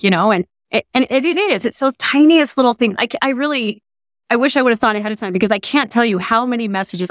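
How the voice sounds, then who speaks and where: A woman's voice: medium pitch, no room sound, studio quality. A woman guest telling stories in a casual interview, gushing and chatty. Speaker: guest, nonprofit co-founder.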